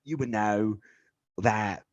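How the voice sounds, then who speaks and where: A man's voice: slow, no room sound, highs cut off. A man voicing a snooty English talent-show judge in a put-on British accent, prim and haughty. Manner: haughty, prim, lively pitch.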